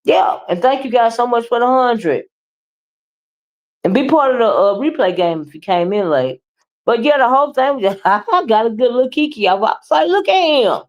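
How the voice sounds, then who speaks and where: A woman, giving sassy, expressive commentary on a livestream. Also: on the high side, moderate pace, dull audio.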